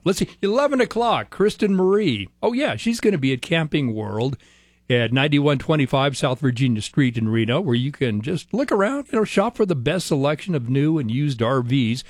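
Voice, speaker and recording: A male radio DJ with a fairly high voice, talking through his weekend show in an easygoing, chatty way. The sound is dry and close, straight off a studio mic. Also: animated, normal speed, no room sound. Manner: chatty, laid-back patter. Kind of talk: upbeat radio announcing.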